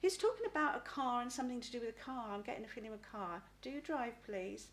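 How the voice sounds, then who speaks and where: This is a live spirit reading by a middle-aged woman working as a psychic medium. Her voice is fairly high, animated and fairly bright in tone, and she talks haltingly, repeats words and frequently asks "please?".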